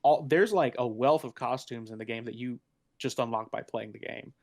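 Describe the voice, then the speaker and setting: A man's voice: mid-range voice, moderate pace, a little mellow. A man talking casually on a gaming podcast. He restarts his sentences often and laughs between points. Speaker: podcast panelist.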